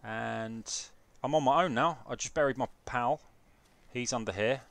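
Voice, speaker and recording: Casual live gameplay commentary comes from a young man streaming at his home PC setup, swearing while he adjusts his gear and reads chat. He speaks at normal speed in a medium-pitched, creaky, fairly bright voice.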